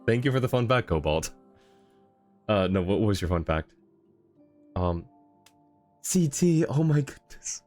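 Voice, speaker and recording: A man with a lowish voice talks casually on a live stream as he plays. He gushes thanks at viewers and laughs easily. Faint game music runs underneath. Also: very animated, unhurried, pauses often, a little mellow. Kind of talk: casual live-stream chat while gaming.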